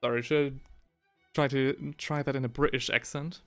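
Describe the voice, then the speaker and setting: Painting miniatures on a casual livestream, a man rambles, corrects himself, and reads the chat out loud. His medium-pitched voice is steady and brisk, picked up by a desk mic while he wears headphones, with faint music behind.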